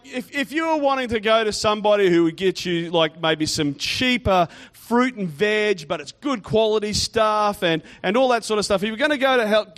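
A man's voice: high voice, fairly bright tone. A man giving a playful children's talk in church, teasing and quizzing the kids and congregation.

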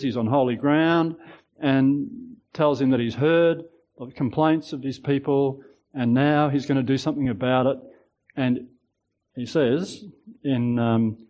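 A man's voice: a little high, darkish tone, low-quality recording. Chuckling preacher in his sixties. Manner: conversational, chuckles at his own asides. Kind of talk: sermon.

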